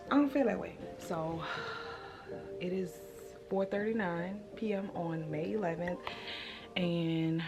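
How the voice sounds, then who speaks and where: A young woman chatting at home in a confiding vlog diary, open about her feelings. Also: low-pitched. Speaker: vlogger. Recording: music playing underneath.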